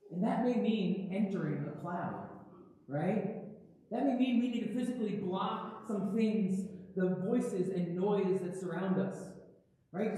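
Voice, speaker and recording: A male pastor preaching with a notably high voice, telling his story in an easy conversational way and checking in with a frequent "right?". He sounds distant from the microphone. His words bounce around a large, very reverberant church hall. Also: darkish tone. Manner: storytelling, often tags sentences with "right?". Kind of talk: sermon. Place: church sanctuary. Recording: very echoey church hall from far off, faint noise.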